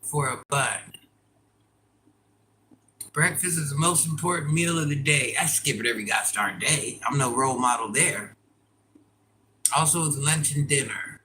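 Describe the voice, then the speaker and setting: An older woman chatting casually on a live stream, laughing often and breaking into loud exclamations. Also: a bass voice, unhurried, pauses often, slight background noise, low-quality recording. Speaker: livestreamer.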